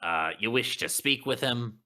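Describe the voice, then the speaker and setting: A man's voice: mid-range voice, expressive, unhurried, bright, forceful tone. A man playing a grumbling rustic blacksmith. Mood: wary. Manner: folksy, hesitant, rambling talk. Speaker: player. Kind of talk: in-character tabletop role-play.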